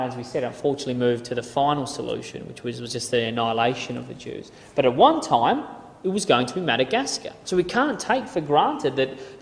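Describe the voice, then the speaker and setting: A man giving a casual Bible lecture from slides, often repeating words and reading passages aloud. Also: mid-range voice. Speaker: Bible teacher. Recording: echoey hall reverb.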